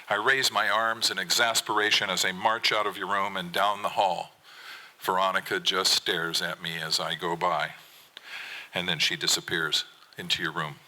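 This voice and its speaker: A man's voice: sits low, flat delivery, normal speed, sharp tone, rough recording. A fisherman reading a true personal story aloud on a theater stage, in an earnest, plain manner.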